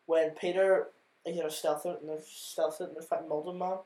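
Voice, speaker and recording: A man's voice: a little high, flat delivery, brisk, warm tone. A young man chatting as a podcast guest, keen and tending to repeat himself. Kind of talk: casual chat. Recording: echoey room.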